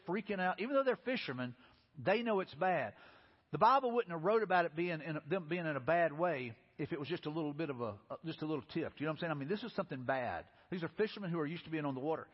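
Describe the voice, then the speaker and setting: Fast-talking preacher, husky voice. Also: male voice, on the high side. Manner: conversational, acts out quoted voices. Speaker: pastor. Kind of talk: sermon. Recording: muffled sound in a reverberant hall.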